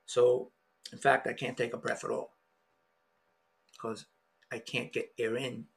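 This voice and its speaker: Gravelly man telling a story, halting. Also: medium pitch, level tone. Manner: halting, emotional, with many restarts. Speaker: podcast guest. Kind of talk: personal storytelling.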